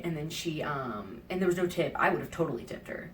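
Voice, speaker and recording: A low-pitched woman telling travel stories in a chatty vlog, slipping into whispered asides. She sits a little back from the mic, and a faint hiss hangs under her voice. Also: normal speed, hardly any pauses, distant mic. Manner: chatty, animated, acts out quoted lines, drops into whispered asides. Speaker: vlogger. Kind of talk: casual travel vlog storytelling. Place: hotel room.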